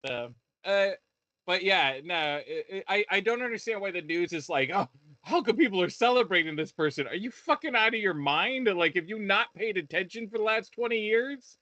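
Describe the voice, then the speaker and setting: Man, rambling profane rant, lots of restarts, high-pitched, bright tone. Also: expressive, moderate pace, no room sound. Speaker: podcast co-host reviewing shows. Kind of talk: casual chat.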